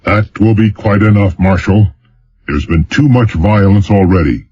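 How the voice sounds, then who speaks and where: A man reading an audiobook, voicing a commanding army colonel in a low, husky voice. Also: unhurried, darkish tone, dry recording, muffled recording. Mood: firm. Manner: firm, commanding. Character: authoritative male army colonel, firm and calm.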